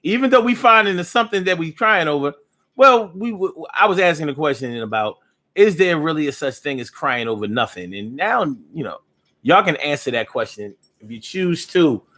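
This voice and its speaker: A man's voice: a little high, expressive, moderate pace, bright, forceful tone. Rambling laid-back man on a live stream. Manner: loose and rambling, slips into freestyle rhyming. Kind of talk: casual live chat reading viewer comments.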